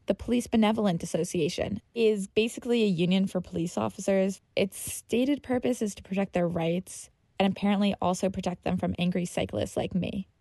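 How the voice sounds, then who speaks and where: A woman's voice: mid-range voice, fairly quick, creaky, hardly any pauses, mellow, no echo. A woman telling her own story as scripted narration, tense and vivid. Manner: tense, vivid storytelling with heated quoted outbursts.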